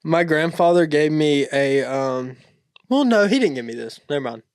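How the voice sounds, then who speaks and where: A man's voice: a little high, normal speed, clean tone, no echo, clean studio sound. A young man co-hosting a podcast, chatting casually and rambling through stories with lots of fillers. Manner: relaxed, rambling storyteller with many fillers. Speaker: podcast co-host. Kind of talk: casual chat.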